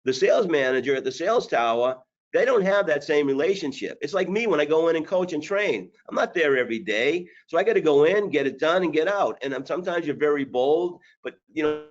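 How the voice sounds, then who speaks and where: A man's voice: a little high, lively intonation, a little fast, hardly any pauses, dull audio. A man coaching sales managers on a webinar, blunt and hard-driving, with jokes along the way. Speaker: sales trainer.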